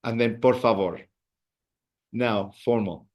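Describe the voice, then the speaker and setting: A male teacher leads a beginner Spanish lesson at an unhurried, deliberate pace. He repeats each word patiently so learners can follow and echo him. His voice sits at an ordinary middle pitch. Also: a little mellow.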